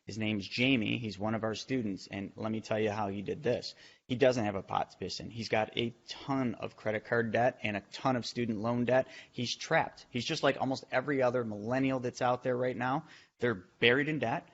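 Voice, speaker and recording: A man on a podcast explaining money and real estate with quick, energetic talk and side tangents. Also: mid-range voice, highs cut off. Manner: fast, energetic explaining with asides. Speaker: real estate investor and teacher. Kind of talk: podcast discussion.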